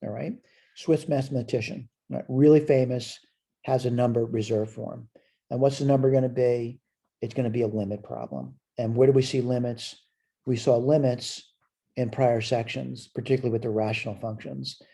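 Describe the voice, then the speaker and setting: A man's voice: mid-range voice, fairly even intonation, normal speed, creaky, warm tone, husky. A man teaching a recorded college math lecture. He asks questions and answers them himself, and he repeats short phrases as he points things out on the board.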